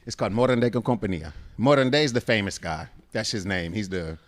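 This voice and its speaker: A man's voice: lowish voice, expressive, fast talker. A man from the United States, a comedian and actor, telling stories in a casual podcast interview. He swears freely and acts out voices.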